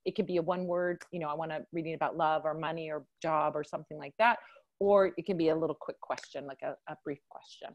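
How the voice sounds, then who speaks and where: A woman's voice: deep voice, steady tone, fast talker, a little mellow, highs cut off. A woman hosting a live video call chat, bubbly, laughing often and talking in bursts. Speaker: host.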